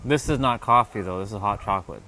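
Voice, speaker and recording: A man's voice: fairly low pitch, fast, pushed and bright, slight background noise. Laid-back joking male livestreamer. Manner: laid-back, joking, swears casually, reads chat aloud. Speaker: livestream host. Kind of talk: casual livestream chat with viewers.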